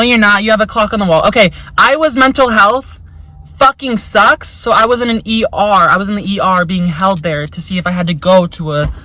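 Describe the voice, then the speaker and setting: A young woman in a casual vlog tells a story in a medium-pitched, sharp-toned voice. She's frank and talkative, swears plenty, uses "like" all the time, and slips into voices for quotes. The audio is poor, with slight background noise.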